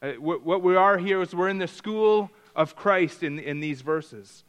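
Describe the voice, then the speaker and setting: A man with a fairly high voice delivers a sermon as a pastor. He teaches step by step, leaning on key words and repeating phrases for emphasis. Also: measured pace, a bit bright, clean tone.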